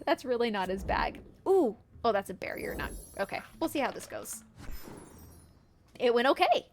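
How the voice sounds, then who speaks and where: Playful, slightly high-voiced woman streamer. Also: a little hiss or hum. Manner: playful, giggly, narrates characters' antics. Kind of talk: casual gameplay commentary.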